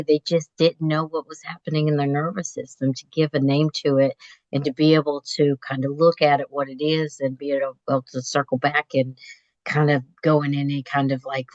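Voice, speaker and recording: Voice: mid-range voice, dry recording, muffled recording. A host interviewing a guest, talking in an enthusiastic, reflective way with many fillers. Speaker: host, therapist. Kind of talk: conversational interview.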